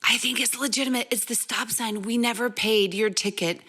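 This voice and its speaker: A woman imitating her husband whispering a hurried warning to her while telling a story. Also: on the high side, steady tone, pushed and bright, slightly rough. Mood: urgent. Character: worried husband, male, whispering.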